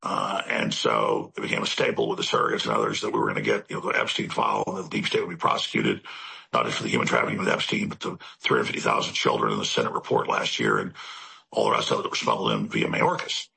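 A man's voice: rumbling low, quick pace, gravelly, sharp tone, slightly rough. A male host delivering a rambling, emphatic political commentary monologue, piling up repetitions as he talks. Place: studio in Central Texas.

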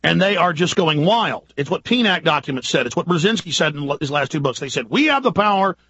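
Male radio host, urgent ranting monologue, sharp tone, husky edge, dry close recording. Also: a little high, very animated, no room sound, lo-fi sound. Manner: urgent, ranting, rapid-fire rhetorical questions. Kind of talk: impassioned political monologue.

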